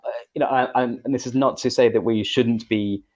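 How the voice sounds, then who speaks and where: A man's voice: mid-range voice, fairly even intonation, brisk, darkish tone, rough recording. A Welsh man co-hosting a podcast, talking in a rambling, self-correcting, chatty way. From Wales. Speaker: podcast co-host, English teacher. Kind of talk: casual podcast discussion.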